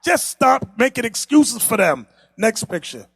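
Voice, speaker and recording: A man teaching a class from pictures, animated and teasing, who laughs often and talks straight to the room. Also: high voice, moderate pace. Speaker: class instructor. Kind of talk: lively classroom lecture with pictures.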